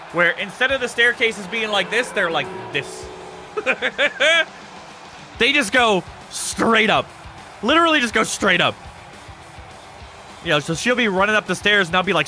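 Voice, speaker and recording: A man with a high-sitting voice hosts a live game stream, commentating on matches and chatting with viewers. His manner is loose, laughing, and foul-mouthed.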